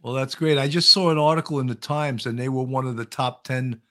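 A man's voice: mid-range voice, brisk, sharp tone. A man hosting a talk show, speaking earnestly in a conversational way. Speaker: host, retired police officer. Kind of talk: casual chat.

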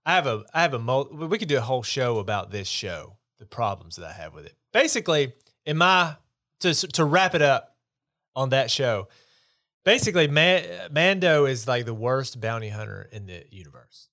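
A man's voice: medium pitch, very animated, moderate pace, bright, forceful tone. A man hosting a casual podcast chat, talking in an opinionated, rambling, dismissive way. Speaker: podcast host.

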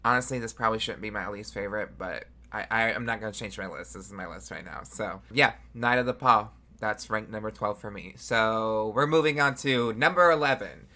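Blunt man with a bright, tense voice. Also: on the low side, a little fast, hardly any pauses. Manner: blunt, matter-of-fact, corrects his co-host. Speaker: podcast co-host. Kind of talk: casual chat.

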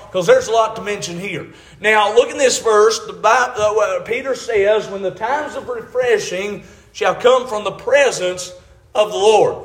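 A man preaching a folksy, emphatic sermon, often saying "amen" and "all right.". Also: sits high. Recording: echoey room.

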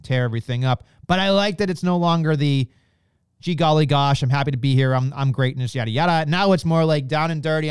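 A man co-hosting a wrestling podcast, blunt and profane, ranting in animated casual chat. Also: medium pitch, clean tone, no room sound, clean studio sound.

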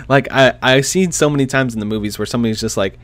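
A man's voice: medium pitch, fairly quick, no echo. A young man casually telling a personal story into a desk microphone, chatty and self-deprecating, laughing often. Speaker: vlogger.

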